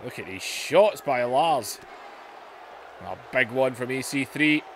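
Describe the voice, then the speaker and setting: Narrating a wrestling video game for his YouTube channel, a man talks slowly and excitably, muttering low before yelling at the big moves. A little hiss or hum runs underneath.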